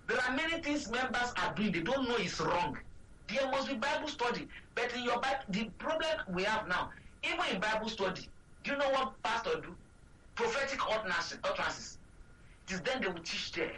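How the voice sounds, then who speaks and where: A man's voice: sits high, pushed and bright, recorded from a distance, low-quality recording. A man with a Nigerian accent preaching a sermon as a pastor, repeating emphatic phrases and asking rhetorical questions.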